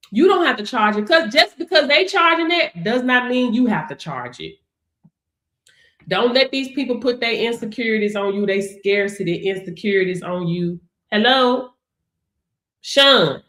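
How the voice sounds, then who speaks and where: Sassy high-voiced woman coach. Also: a bit bright, roomy sound. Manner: sassy, emphatic, laughs often, calls listeners baby. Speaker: business coach. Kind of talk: casual motivational talk to camera.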